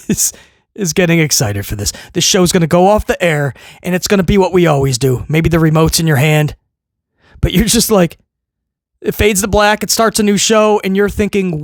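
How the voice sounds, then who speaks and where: A man's voice: high-pitched, moderate pace, long pauses, no echo. A man hosting a wrestling talk show, ranting in a mocking, exasperated, sarcastic way.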